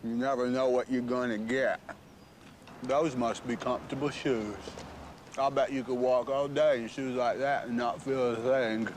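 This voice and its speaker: An actor playing a simple, earnest grown man who tells his life story gently and plainly. He speaks slowly and in a plain way. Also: mid-range voice, fairly even intonation, a little hiss or hum, natural voice. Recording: film audio with loud music beneath.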